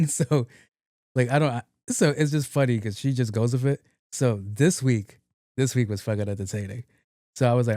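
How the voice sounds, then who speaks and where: A man's voice: medium pitch, fairly quick, warm tone, no room sound, clean studio sound. Laughing man telling a story. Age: 30s. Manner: acts out both sides of conversations, laughs often, swears casually. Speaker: podcast host. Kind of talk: solo comedic storytelling.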